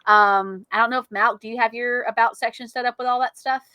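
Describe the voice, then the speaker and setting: A woman co-hosting a casual podcast, enthusiastic and quick to laugh. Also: on the high side, steady tone, sharp tone, smooth, no echo. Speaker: podcast co-host. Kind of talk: casual chat.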